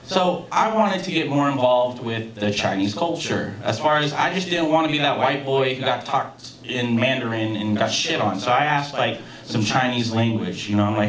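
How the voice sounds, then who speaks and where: A man's voice: mid-range voice, expressive, moderate pace, fairly bright tone, slight background noise. A man doing a stand-up comedy set on a club stage, telling stories in a casual, profane, self-mocking way. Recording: roomy club sound from a distance, audience laughter.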